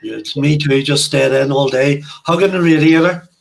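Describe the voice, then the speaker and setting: Northern irish guy, homely chatty guest, voice a bit high. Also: normal speed, vocal fry. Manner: relaxed, homely talk. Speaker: guest presenter. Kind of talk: casual chat.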